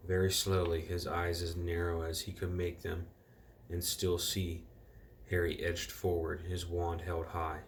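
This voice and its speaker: A man with a very deep, low voice reads a storybook chapter aloud to children at home. His delivery is relaxed and informal, and he fixes his own slips as he goes. A faint background noise sits under the reading. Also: a little slow. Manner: relaxed, corrects himself and rereads.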